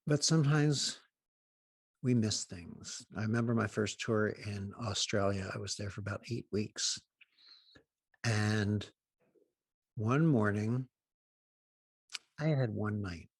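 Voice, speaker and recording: A man hosting a healing program, telling humorous anecdotes with wry asides and pauses. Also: fairly low pitch, breathy edge, no echo, studio quality. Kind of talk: humorous storytelling talk.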